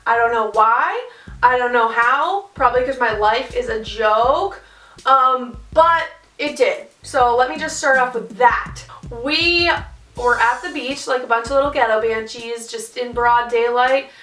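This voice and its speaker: A young woman telling a casual storytime vlog, animated and full of swearing and fillers. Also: a little high, unhurried, distant mic, soft background music. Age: young adult. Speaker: vlogger. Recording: roomy sound, off-mic.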